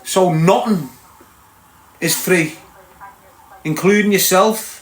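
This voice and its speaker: Scouse guy lecturing his stream viewers, kinda high voice, blunt, echoey room. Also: slow pace. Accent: Liverpool. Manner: blunt, lecturing, keeps asking if you understand. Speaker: livestream host. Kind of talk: casual rant to live viewers.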